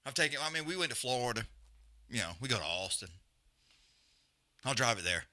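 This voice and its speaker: A blunt man rants on a live stream, swearing constantly and hammering his points home through repetition. His voice is very bright and cutting, at a middle pitch. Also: sing-song, a little fast. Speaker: podcast host. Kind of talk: profane rant on a live stream.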